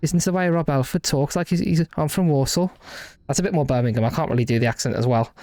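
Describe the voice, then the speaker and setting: A man's voice: mid-range voice, racing, darkish tone, no echo. Rambling man with a light Midlands accent. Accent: light Midlands English. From English Midlands. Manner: rambling, hesitant, many restarts. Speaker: streamer. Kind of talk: casual let's-play commentary.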